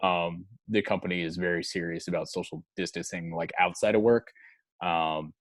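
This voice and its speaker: Young male guest, very low voice, dry close sound, halting casual talk with loose swearing. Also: fairly even intonation, dry recording. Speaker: guest, musician. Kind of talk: casual chat.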